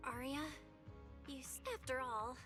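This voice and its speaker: Soft-spoken young game heroine. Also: female voice, high-pitched, fairly even intonation, a little slow, music in the background.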